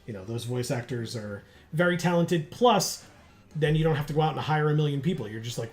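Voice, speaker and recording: Male stream co-host, loose and rambly, music playing low in the back. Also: expressive, fairly quick. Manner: rambling, many fillers and restarts. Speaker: co-host of a game livestream. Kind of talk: casual chat while playing.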